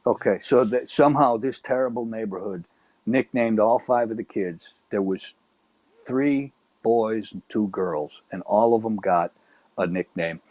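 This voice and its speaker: Man, middle-aged, from Chicago's South Side, casual storyteller, animated, dead dry recording. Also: lowish voice, a little slow, dry recording. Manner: animated, acts out quoted voices. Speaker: guest storyteller.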